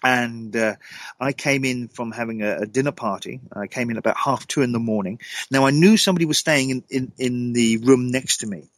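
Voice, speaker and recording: A man, a guest telling an eerie personal story in a lively, dramatic way. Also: a little fast, dry recording, rough recording. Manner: lively, dramatic storyteller with sudden pitch jumps. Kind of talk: animated anecdotal storytelling.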